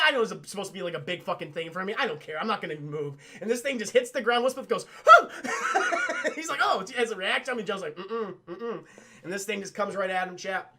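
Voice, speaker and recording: A young man streaming a casual, profane film recap to his chat, excitably acting out lines from the movie. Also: high voice, gravelly.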